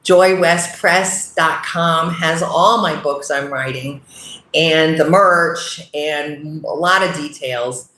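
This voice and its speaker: Earnest woman host, slow, echoey room. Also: sits low, sharp tone. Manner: earnest, repeats "okay?" often. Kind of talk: casual direct-to-camera talk.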